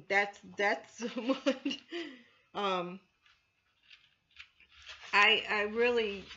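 A woman's voice: medium pitch, pushed and bright, a little hiss or hum. A woman church elder teaching from the Bible in an informal, earnest way, full of "you know" fillers. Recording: dull lo-fi recording.

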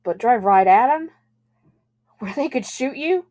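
Brief: female reader doing a calm middle-aged manager, reassuring and steady. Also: a little high, unhurried, voice pushed up.

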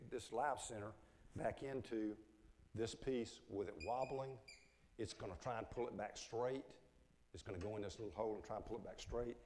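A man's voice: mid-range voice, warm tone. An older man with a northwest Florida accent, giving a live woodturning demonstration in a folksy, step-by-step way. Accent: northwest Florida Southern. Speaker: woodturning instructor. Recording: echoey hall with faint noise.

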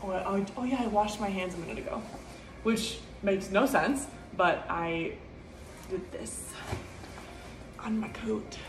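A woman's voice: mid-range voice, measured pace, long pauses, background noise. Gushing woman vlogger in an echoey room. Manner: gushing, excitable, lots of "like" and "oh my gosh". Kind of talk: casual vlog chat. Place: new apartment, mostly empty, indoors.

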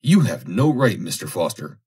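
A man's voice: on the low side, very animated, moderate pace, a little mellow, slightly rough. A man reading aloud, voicing a proud young woman who coolly rejects a suitor. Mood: indignant. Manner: cool, formal and reproachful.

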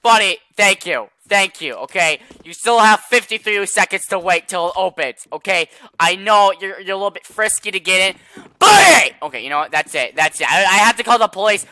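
Teen boy gamer, high and bright, bouncy delivery, dry close mic, shouty role-play. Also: fairly quick, hardly any pauses, dry recording. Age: teens. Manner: animated, bursts into shouting. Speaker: gamer playing a restaurant worker. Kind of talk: playful game role-play.

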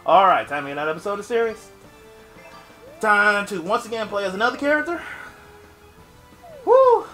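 A man hosting his gaming channel, chatting upbeat and excitably in casual gaming commentary. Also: high-pitched, fast talker, faint music behind.

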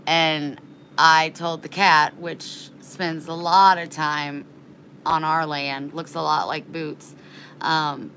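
A woman with a low voice talks in a casual vlog, frank and folksy, drifting between topics and growing heated. Her tone is bright and forceful, and there is faint outdoor hum in the background. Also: flat delivery, slow pace, low-quality recording. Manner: rambling, worked up and indignant. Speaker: vlogger.

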